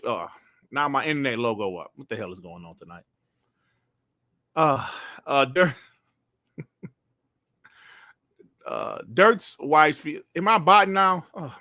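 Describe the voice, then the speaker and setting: A man's voice: fairly high pitch, animated, moderate pace, pauses often, bright, forceful tone, dry recording, studio quality. A middle-aged man hosting a casual livestream, talking in a laid-back, slangy and profane way. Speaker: host.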